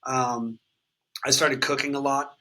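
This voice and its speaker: A man's voice: mid-range voice, flat delivery, unhurried, bright, forceful tone, rough recording. A man, candidly telling his recovery story in an interview, swearing freely and filling with "like" and "um". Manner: raw, unfiltered, swears freely, many fillers like "like" and "um".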